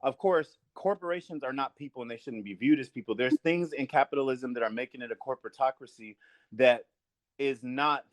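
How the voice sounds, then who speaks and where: A man's voice: mid-range voice, fairly quick, no room sound. A man hosting a podcast in casual discussion, earnest and building his points through repetition. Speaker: podcast host.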